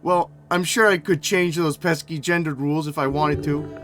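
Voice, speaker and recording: A man's voice: a little high, fairly even intonation, moderate pace, fairly bright tone, soft background music, voice pushed up, close to an everyday voice. A man voicing a smug wealthy lord. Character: pompous wealthy middle-aged lord, smug father.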